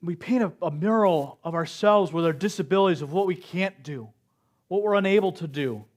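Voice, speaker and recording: Male speaker, middle-aged, higher register, slow earnest sermon delivery. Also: a little mellow. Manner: slow, earnest preaching with acted-out quotes. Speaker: speaker at a spiritual center service.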